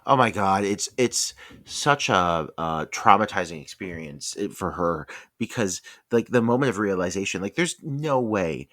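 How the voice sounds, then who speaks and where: Animated, swearing podcast co-host man. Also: deep voice, normal speed, hardly any pauses, no room sound, studio quality. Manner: animated, swears freely, many fillers. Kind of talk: casual movie discussion.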